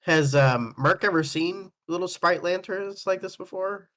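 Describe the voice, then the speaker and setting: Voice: mid-range voice, measured pace, a bit bright. A player in a tabletop game, talking casually and laughing often. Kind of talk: tabletop role-play.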